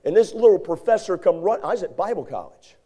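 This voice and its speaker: Brief: male preacher with a high voice, folksy and animated as he tells a story from the pulpit. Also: quick pace. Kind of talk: sermon with a personal story.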